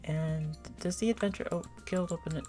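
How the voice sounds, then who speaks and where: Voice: mid-range voice, normal speed, over music. A gaming channel host giving casual let's-play commentary, rambling and thinking aloud with filler words.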